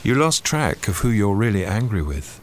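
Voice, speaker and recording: An actor playing a priest who questions a suspect in a measured, probing, sardonic way. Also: male voice, fairly low pitch, very animated, a little hiss or hum. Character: shrewd male priest interrogating a suspect. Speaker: priest investigator.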